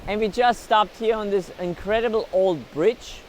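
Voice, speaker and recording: A man's voice: high voice, normal speed, slight background noise. A man vlogging outdoors by a river, explaining each step of his recording test as he goes. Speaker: vlogger testing recording gear. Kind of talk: casual outdoor field-recording vlog. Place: outdoors by a river shore with waves.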